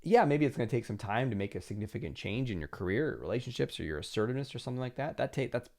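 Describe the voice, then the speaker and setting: A man's voice: medium pitch, expressive, very fast, gravelly, darkish tone. A man hosting a self-help podcast, coaching the listener directly in an earnest way and acting out inner voices. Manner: acts out inner voices in quotes. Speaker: podcast host and confidence coach.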